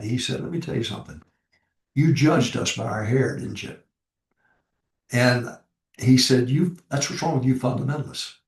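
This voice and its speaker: A man's voice: medium pitch, creaky. An older man preaching a folksy ministry talk, repeating his numbered points with rambling asides. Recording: echoey room, distant mic.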